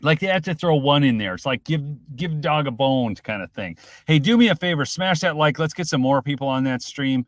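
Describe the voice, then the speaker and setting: A man from Minnesota hosting a live political commentary stream, swinging between loud outbursts and quiet mutters. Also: fairly high pitch, animated, fairly quick, few pauses, no echo.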